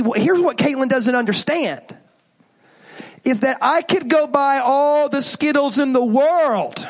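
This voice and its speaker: A very high-voiced pastor, around thirty-something, preaches energetically, telling stories with humor and putting questions to the people in the pews.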